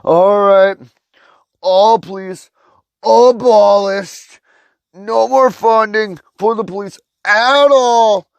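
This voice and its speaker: Man doing a blunt government official, male, curt announcement, raised pitch. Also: steady tone, slow pace, creaky, smooth, no echo, dull audio, heavily acted. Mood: mock-official.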